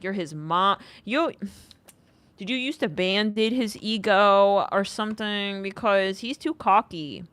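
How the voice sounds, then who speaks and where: A woman's voice: mid-range voice, fairly bright tone. A woman rambling through a casual tarot reading, sassy and loose with her swearing. Her voice sits mid-range and sounds dry and close, with no room echo. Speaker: tarot reader.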